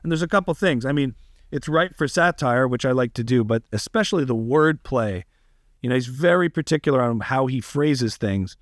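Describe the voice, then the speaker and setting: A man's voice: medium pitch, normal speed, no room sound, studio quality. A man, a comedian guest on a podcast interview, talking animatedly and emphatically. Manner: animated, slips into impressions, emphatic.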